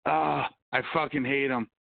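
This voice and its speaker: This podcast host has a creaky, fairly high voice and swears his way through a rant about the news and the comments on a casual livestream, humming to himself now and then. There's no echo, and the sound is thin and phone-like.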